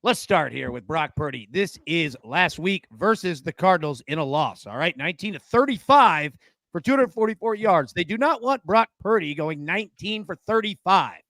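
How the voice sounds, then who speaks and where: A man's voice: sits high, animated, normal speed, sharp tone, no echo. A man co-hosting a sports betting show, casually breaking down football stats and talking straight to the viewer. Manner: coaching tone, talks to the viewer directly.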